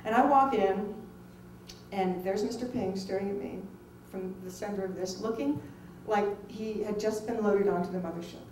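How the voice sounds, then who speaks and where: A middle-aged woman tells a personal story to an audience in a lively, conversational way and acts out other people's lines. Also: mid-range voice, moderate pace, noisy background. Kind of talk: personal anecdote told to an audience. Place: film festival venue. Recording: roomy, distant mic with faint ambience.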